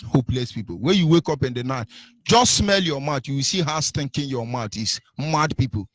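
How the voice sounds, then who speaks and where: A man's voice: medium pitch, animated, fairly quick. A man with a Nigerian accent hosting an online radio show, fiery and mocking as he reads out phone lines. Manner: fiery, mocking, gives phone numbers repeatedly. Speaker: radio host. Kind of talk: radio call-in talk.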